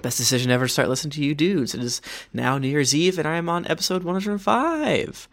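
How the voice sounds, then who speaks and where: Podcast co-host, male, lightly higher register, brisk offhand review reader. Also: lively intonation. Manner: quick, offhand reading with small asides. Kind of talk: casual chat, reading listener reviews aloud.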